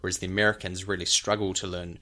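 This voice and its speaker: A man's voice: low-pitched, flat delivery, fast talker, sharp tone. A man with a New Zealand accent casually explaining things like a teacher on a podcast. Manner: explanatory, teacherly, demonstrates speech sounds.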